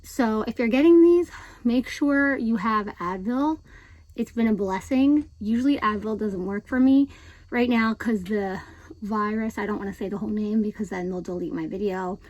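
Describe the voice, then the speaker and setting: A woman's voice: medium pitch, moderate pace, a little mellow, no echo, low-quality recording. A young adult woman talking in a casual vlog diary. Her S sounds come out airy and slightly lisped, and she chats along with plenty of ums and likes. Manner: chatty, with frequent ums and likes. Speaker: vlogger.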